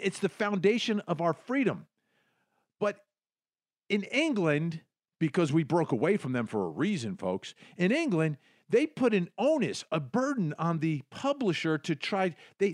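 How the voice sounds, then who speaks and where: American guy hosting legal commentary, lively swoopy delivery, hammers points with repetition, dry mic. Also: high-pitched, no room sound. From United States. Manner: animated, emphatic, repeats phrases for emphasis. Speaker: host.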